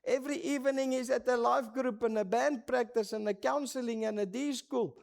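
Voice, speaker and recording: A man's voice: extremely high pitch, fairly even intonation, moderate pace, vocal fry, pitched above the performer's own voice. A man with a Namibian accent voicing his tearful, worn-out wife as she pleads in a raised voice. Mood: tearful pleading.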